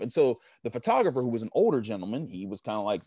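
Low-voiced man telling a rambling story. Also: big pitch swings, fast talker, few pauses, warm tone, no room sound. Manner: rambling, many restarts and fillers. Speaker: sports media guest. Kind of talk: casual storytelling interview.

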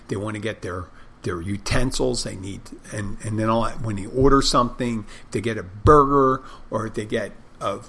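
Speaking in a medium pitch with a fairly bright, slightly rough tone, a man chats about his work as a server and bartender. In this casual storytelling monologue he acts out the greetings he gives customers.

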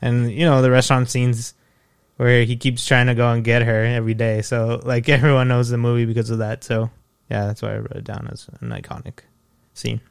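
A young man talks through his favorite movie moments in a relaxed, easygoing way, chuckling and swearing as he goes. His voice is smooth and clear, recorded dry and close with no room echo. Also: medium pitch, a little fast. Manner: laid-back, laughs often, swears casually. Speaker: co-host of couple's movie chat. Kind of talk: casual movie chat.

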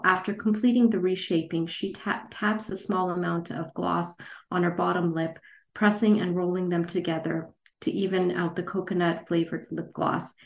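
A woman's voice: fairly low pitch, fairly even intonation, moderate pace, gravelly. A woman author reading her novel aloud and then answering questions hesitantly over a video call. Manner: hesitant, many fillers and restarts. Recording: roomy echo.

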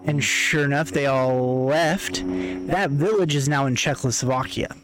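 A man's voice: mid-range voice, unhurried, over music. A man on a podcast talking casually and at length, circling back to his points. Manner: thoughtful, rambling family storytelling. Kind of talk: casual chat.

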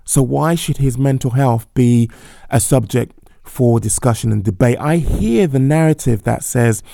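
A man's voice: medium pitch, unhurried, vocal fry, dark tone, dry recording, clean studio sound. A man giving a careful, thoughtful opinion, hedging his points and correcting himself as he goes. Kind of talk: measured opinion commentary.

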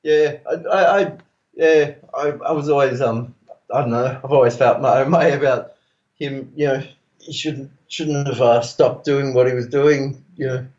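A man's voice: mid-range voice, fairly even intonation, normal speed, darkish tone, highs cut off. Australian man telling rambling, profane stories. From Melbourne, Australia. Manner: rambling, swears freely, laughs through his stories. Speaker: podcast guest. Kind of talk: casual storytelling chat.

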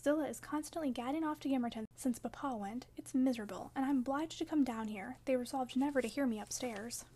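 A woman voicing a sickly, peevish teenage boy in an audiobook, fretful and self-pitying, often dropping to a hushed whisper. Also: high voice, brisk. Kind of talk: audiobook character reading.

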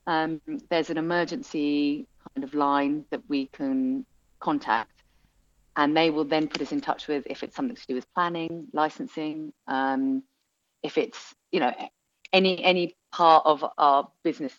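Low-voiced woman, chatty and animated. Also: normal speed, highs cut off. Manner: chatty, animated storytelling with many fillers and restarts. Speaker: music venue owner. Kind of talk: interview conversation.

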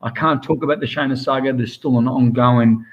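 An Australian man talking casually on a podcast. He is a swim coach and a lively storyteller who tosses "mate" into nearly every line. His voice sits mid-range, and the recording is slightly dull and lo-fi. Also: mid-range voice, a little fast. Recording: muffled lo-fi audio.

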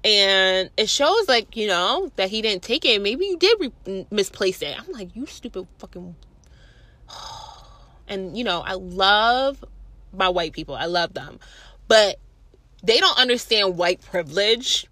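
A young woman telling a story in a casual monologue, animated and indignant, with heavy profanity. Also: mid-range voice, unhurried, dry recording. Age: young adult. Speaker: vlogger.

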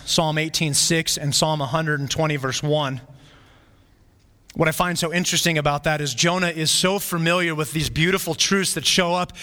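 A man's voice: fairly high pitch, pushed and bright. A man preaching a sermon as pastor, earnest and repeating key phrases for emphasis. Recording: reverberant hall sound.

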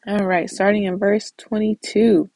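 A woman's voice: mid-range voice, flat delivery, normal speed, dark tone, no echo, poor audio. A woman leading a casual Bible study, reading scripture aloud and explaining it in a chatty way with many "like"s and small restarts. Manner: conversational, with frequent "like" and small restarts.

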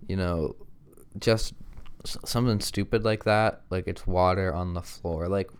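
A man's voice: low-pitched, steady tone, measured pace, clear, resonant tone. A man who works at a restaurant, rambling through a work story in casual chat and acting out what people said. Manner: rambling storyteller, lots of likes, acts out quotes. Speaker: restaurant worker telling a story.

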